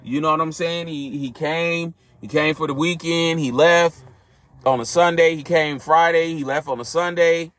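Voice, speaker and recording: A man's voice: on the high side, steady tone, moderate pace, a bit bright. A man hosting a podcast, telling a personal story in an earnest, reflective way and speaking directly to his listeners. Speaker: podcast host.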